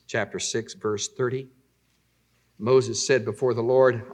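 A middle-aged man preaching a conversational, animated sermon as pastor. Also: mid-range voice, normal speed.

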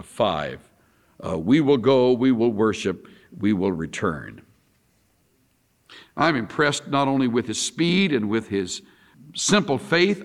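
Reading scripture as he preaches, this medium-pitched man swings from loud, emphatic moments to quiet asides.

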